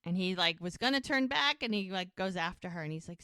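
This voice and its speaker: A woman's voice: mid-range voice, a little fast, hardly any pauses, pushed and bright, smooth, no echo, studio quality. A woman co-hosting a podcast, casually retelling a TV episode and acting out the characters' lines. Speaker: podcast co-host.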